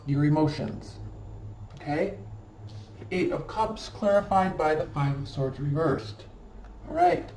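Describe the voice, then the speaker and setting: A woman's voice: sits low, takes it slowly, pauses often, a little mellow. A woman giving a tarot card reading in an emphatic, scolding way, repeating phrases for stress. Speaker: tarot reader. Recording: echoey room, mic at a distance, faint background noise.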